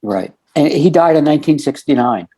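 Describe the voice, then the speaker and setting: Slightly high, husky and dark, his voice is brisk and expressive. He's an American in his sixties guesting on a podcast, telling a long story in interview form and quoting many lines from past conversations.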